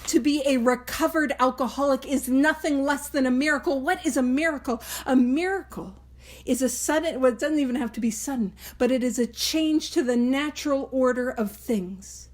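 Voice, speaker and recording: A high-pitched woman speaking at normal speed hosts a study podcast for a study group. She keeps the casual study talk earnest and emphatic, with playful asides.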